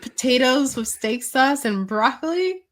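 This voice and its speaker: A woman's voice: sits high, lively intonation, measured pace, slight background noise. A woman co-hosting a podcast in casual chat, laid-back and using casual slang. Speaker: podcast co-host.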